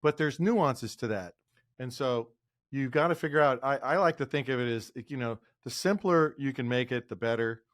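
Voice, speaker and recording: A man in casual business-podcast conversation, laying out his points with easy asides. His voice sits at a middle pitch and sounds close and dry, with no room around it. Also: moderate pace, no echo. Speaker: podcast co-host.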